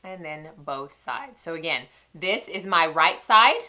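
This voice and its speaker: Lady makeup vlogger, stuffy nasal voice, lowish but bright and forceful, chatty. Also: expressive, unhurried. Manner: chatty, talks straight to viewers. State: stuffy nose from sinus cold. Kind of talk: casual beauty review and demo.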